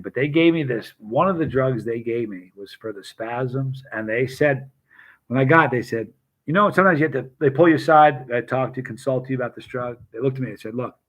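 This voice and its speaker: A middle-aged vlogger chats with his live chat in a mid-range, slightly bright voice, casually rambling through personal stories, restarting sentences, and greeting viewers by name. The recording is rough.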